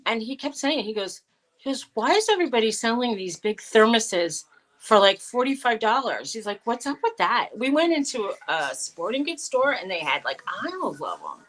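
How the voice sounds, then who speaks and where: A woman's voice: on the high side, sing-song, normal speed, fairly bright tone, rough recording. A middle-aged woman co-hosting a casual live-stream chat, telling rambling stories and quoting the people in them. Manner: chatty storyteller, quotes people in her stories. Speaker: co-host.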